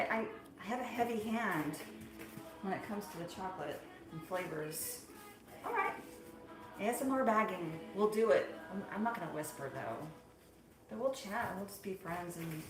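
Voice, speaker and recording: A woman hosting a casual live stream while making marshmallows, chatty and playful and quick to laugh. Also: medium pitch. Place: small home studio kitchen. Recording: echoey room.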